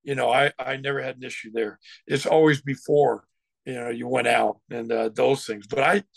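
A man's voice: medium pitch, steady tone, normal speed, vocal fry, no echo. An older man who used to coach football, talking casually in an interview, rambling with lots of restarts and getting fired up as he tells stories. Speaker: former football coach, guest.

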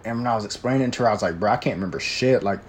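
A man's voice: on the low side, very fast, slightly rough. A young man casually telling a personal story, full of slang, swearing and "bro", rambling with fillers. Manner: slangy, profane, says "bro" constantly.

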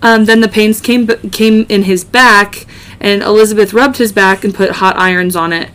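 A woman's voice: mid-range voice, steady tone, moderate pace, fairly bright tone, smooth. A woman hosting a podcast, casually narrating a true-crime case with joking asides and many ums. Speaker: podcast host.

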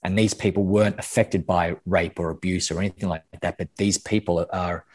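A man's voice: sits low, steady tone, a little fast, darkish tone. A man speaking candidly as a podcast guest, often restarting and repeating words, with casual swearing. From Australia. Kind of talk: candid interview conversation.

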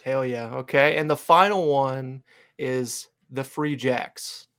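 A man's voice: mid-range voice, takes it slowly, a bit bright. A man hosting a casual fan podcast, upbeat and hype-driven, with lots of fillers and restarts. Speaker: podcast host. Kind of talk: casual fan-show chat.

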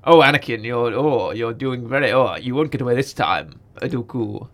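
A man doing an impression of a calm older male space knight mentor, drawn-out, sensual and louder than his usual talk. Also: mid-range voice, close to an everyday voice. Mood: suave.

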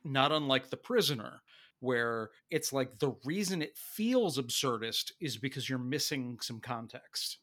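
A man in relaxed podcast conversation, working through his thoughts with plenty of "uh" and restarts. His voice sits at an ordinary middle pitch. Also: measured pace. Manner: explains at length, hesitant restarts. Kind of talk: casual chat.

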